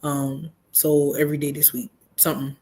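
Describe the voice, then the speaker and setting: A woman's voice: sits low, little pitch movement, normal speed, darkish tone. A woman on a group call, talking in an easygoing, rambling way. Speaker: call participant. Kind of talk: casual chat.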